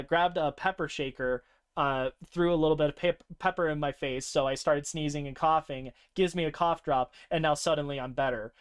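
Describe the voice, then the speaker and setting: A young man co-hosting a podcast, casually recounting a tabletop game session with lively laughter. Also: clean tone. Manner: animated, laughing often, breaks into high-pitched character voices. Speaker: podcast co-host.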